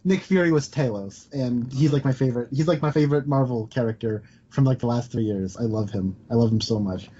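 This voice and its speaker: A man's voice: medium pitch, a little fast, hardly any pauses, dark tone. A man co-hosting a podcast, chatting casually and hesitantly, with stacked fillers. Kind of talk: casual chat. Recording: dull lo-fi podcast audio.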